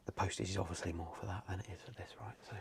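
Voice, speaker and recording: A man, softly whispering as he chats casually and rambles during an ASMR video. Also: deep voice, steady tone, racing, creaky, heavy background noise. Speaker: card seller and streamer. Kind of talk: soft-spoken ASMR chat. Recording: loud crinkling packaging close to the mic.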